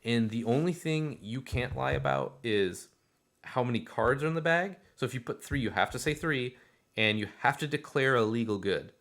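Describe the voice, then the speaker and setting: A man co-hosting a podcast, chatting casually about board games in a rambling, animated way and laughing often. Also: mid-range voice, normal speed. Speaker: podcast co-host. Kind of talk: casual board game chat.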